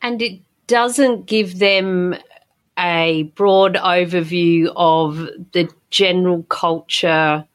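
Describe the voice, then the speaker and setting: A woman hosting a casual interview over beers, relaxed and laughing along. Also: lowish voice, slow. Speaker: podcast host.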